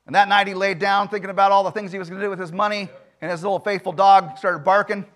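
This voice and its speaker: Male pastor, high voice, emphatic sermon in a church, swings loud and soft. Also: level tone, fast. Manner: emphatic preaching with rhetorical questions and sudden loud swings. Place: church sanctuary.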